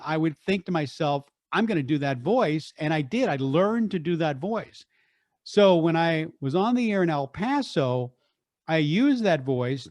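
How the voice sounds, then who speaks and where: Brief: older male deejay, high-ish voice, lively storyteller, dry sound. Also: no echo. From Texas, USA. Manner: energetic, animated, quick restarts. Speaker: radio deejay and voice artist, guest. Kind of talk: storytelling interview.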